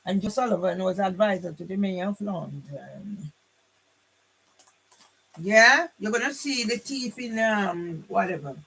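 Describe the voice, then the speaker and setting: A woman's voice: mid-range voice, lively intonation, measured pace, creaky, fairly bright tone, slightly rough, rough recording. An older woman vlogs to her phone camera in a combative, rambling way. She restarts her sentences and keeps throwing in a challenging "yeah?". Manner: combative, repeats tag question "yeah?". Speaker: vlogger. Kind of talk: casual monologue to camera.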